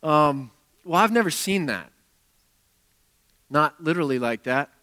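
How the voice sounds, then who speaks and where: A man's voice: fairly high pitch, animated, unhurried, sharp tone, clean tone. A man giving a conversational sermon, full of restarts, fillers and plain everyday wording. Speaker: pastor.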